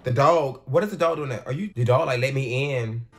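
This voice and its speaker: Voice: mid-range voice, brisk. A reaction video host in casual commentary, exclaiming and talking back at the screen.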